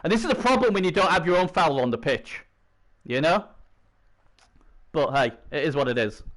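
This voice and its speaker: A man doing chatty live video game commentary, swinging from low muttering to excited shouts. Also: normal speed. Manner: chatty, opinionated, talks to himself.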